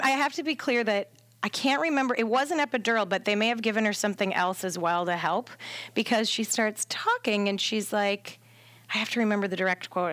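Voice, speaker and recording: A woman with a fairly high voice tells a story to podcast hosts. She talks casually and with a lot of energy, acting out the lines of the people in it. The close studio mic sounds dry. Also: dry recording. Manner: animated, acts out quotes with laughs. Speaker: doula, podcast guest.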